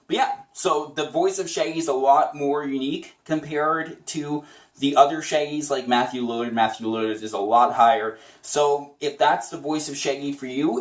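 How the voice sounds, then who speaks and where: A man's voice: medium pitch, roomy sound. A man giving a casual, chatty tutorial on doing a cartoon voice, enthusiastic and rambling. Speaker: voice impression tutor.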